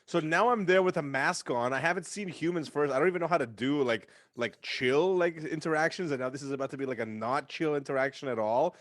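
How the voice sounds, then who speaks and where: A man's voice: a little high, fairly quick, few pauses, dry recording, clean studio sound. A young man guest on a casual online show, telling a rambling story full of swearing. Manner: profane, animated storyteller doing voices. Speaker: podcast guest.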